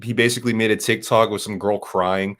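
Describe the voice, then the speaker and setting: A man's voice: on the low side, steady tone, brisk, fairly bright tone. Young man in profane, rambling chat. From Southern California. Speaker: podcast co-host. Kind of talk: casual chat.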